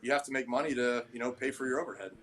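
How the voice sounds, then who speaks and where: A man's voice: mid-range voice, rapid-fire, a bit bright. A man, a gym owner and trainer, telling blunt, slightly abrasive stories in a casual interview. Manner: blunt, admittedly abrasive, quotes people in voices.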